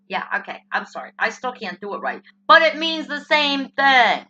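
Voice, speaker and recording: Brash high-voiced New Jersey woman ranting. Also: animated, moderate pace, pushed and bright, muffled recording. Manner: brash, blunt, profane. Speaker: political commentator. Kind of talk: ranting comic monologue.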